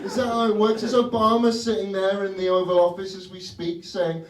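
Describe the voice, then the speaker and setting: A man's voice: sits high, flat delivery, a little fast, hardly any pauses. A young British man doing a stand-up comedy set, teasing the audience with wry rhetorical questions. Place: comedy club stage. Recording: roomy club from a distance with audience laughter.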